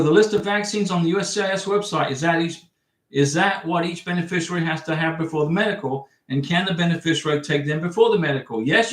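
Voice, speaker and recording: A man's voice: high-pitched, recorded from a distance. A man hosting a casual livestream, reading viewer questions aloud and answering bluntly in a chatty way. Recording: echoey room, voice off-mic.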